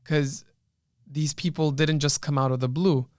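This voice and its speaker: A man's voice: a little high, steady tone, a little slow, dry recording, clean studio sound. A young man, a law student, earnestly retelling a film in a casual panel discussion, with many restarts.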